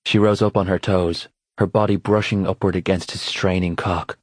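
A man narrating an audiobook in a steady, unhurried reading voice. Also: low-pitched, husky, no room sound. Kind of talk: scripted narration.

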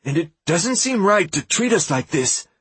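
A man voicing a frightened young man who tries poorly to steady his shaky voice. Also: high voice, moderate pace, slightly rough, no echo, voice pushed up, full character voice. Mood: nervous. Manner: shaky, trying to sound steady.

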